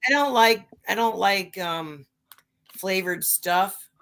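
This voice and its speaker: A woman's voice: medium pitch, expressive, takes it slowly, creaky, a bit bright. A woman hosting a casual livestream chat, telling rambling stories full of swearing. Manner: profane, rambling storytelling. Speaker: livestream host.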